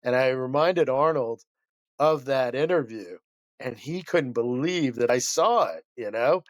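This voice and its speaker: A man's voice: mid-range voice, animated, a little slow, dry recording. A man who is a guest chiropractor, telling a story in a rambling, passionate way that keeps interrupting itself.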